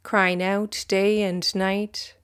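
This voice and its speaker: A woman reading a religious history text aloud in a measured, solemn way, speaking the footnote citations too. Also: mid-range voice, flat delivery, fairly bright tone, clean tone. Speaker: audiobook reader.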